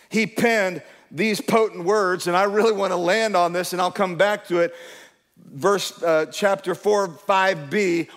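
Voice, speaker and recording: A man's voice: sits high, fairly bright tone, in a large hall. A middle-aged man preaching a sermon as pastor, emphatic and urging his congregation to respond. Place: church.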